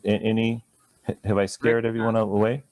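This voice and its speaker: A man teaching Sanskrit pronunciation to a live class, talking conversationally, stretching words out slowly to model them, with playful chuckling asides. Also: fairly low pitch, little pitch movement, darkish tone.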